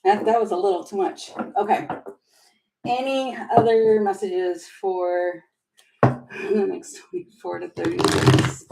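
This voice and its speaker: A woman's voice: medium pitch, steady tone, unhurried, gravelly, darkish tone, poor audio. A woman giving a chatty live tarot reading, giggling and flustered as she talks. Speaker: tarot reader.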